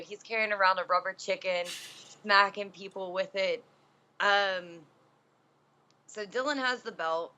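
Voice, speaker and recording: A woman wrestler tells a story as an interview guest. She talks in a bright, sharp voice, animated and loose with plenty of fillers. The recording is dull and lo-fi. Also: mid-range voice.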